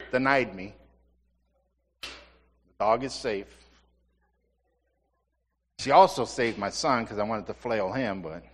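A man's voice: lowish voice, long reverb tail, slight background noise. A middle-aged male pastor preaching a conversational sermon, with playful asides to his congregation. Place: church sanctuary.

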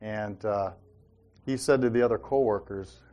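The recording is lo-fi, carrying a man's warm, fairly low voice at a moderate pace. He hosts a casual faith talk show, telling personal stories and checking in with "right?" and "Amen?".

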